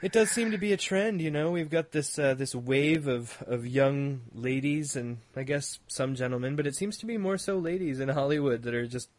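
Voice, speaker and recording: A Halifax, Canada man co-hosts a podcast, chatting casually in a mid-range voice at normal speed with hardly any pauses. He rambles, tossing in laughing asides and mocking imitations. The recording is dry.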